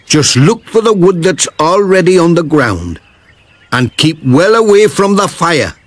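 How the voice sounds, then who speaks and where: A man voicing a cheerful, friendly village postman and kindly dad in a children's cartoon, with a gentle, patient delivery. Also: a little high, big pitch swings, unhurried. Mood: instructing. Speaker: postman on a camping trip with children.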